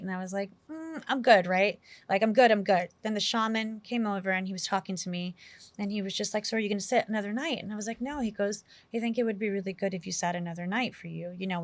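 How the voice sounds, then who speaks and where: A woman's voice: mid-range voice, no room sound. A middle-aged woman from New York City, a guest in an interview, telling a personal story in a candid, casual way full of "like" and "you know".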